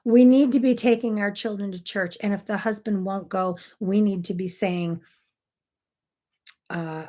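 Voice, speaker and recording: A middle-aged woman speaks straight to her camera as the host of a morning devotional show. Her voice sits at an ordinary middle pitch. She talks casually, earnestly and directly to her viewers. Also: fairly even intonation, mellow. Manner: earnest and direct, acts out quoted spouses in quick little voices. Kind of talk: casual faith talk to camera.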